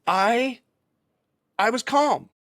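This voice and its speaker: A man telling a long personal anecdote as a podcast guest, animated and peppered with "right?" and "okay?" as he acts out what people said. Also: very high voice, very slow, no room sound, clean studio sound. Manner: frequent tag questions like right and okay. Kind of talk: casual storytelling.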